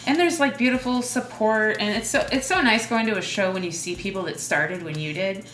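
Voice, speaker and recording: A woman's voice: mid-range voice, fairly quick, soft background music. Chatty woman comic in a roomy space. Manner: chatty, animated, playful asides. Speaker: comedian guest. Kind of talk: casual chat, storytelling. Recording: roomy echo.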